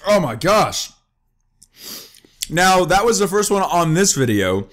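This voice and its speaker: Here his voice sits high and he takes it slowly. Still doing joking gaming commentary over wasabi, the young YouTuber yelps and groans excitedly, his eyes watering and his voice strained by the heat.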